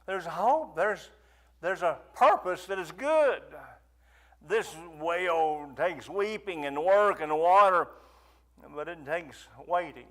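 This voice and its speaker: A man preaching a fervent sermon, rising to near shouts and pleading prayers. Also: sits high, lively intonation, takes it slowly.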